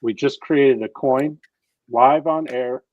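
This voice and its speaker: A man hosting a casual crypto livestream, excitable and swearing freely as he talks to viewers. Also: medium pitch, takes it slowly, no echo, muffled recording. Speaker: livestream host.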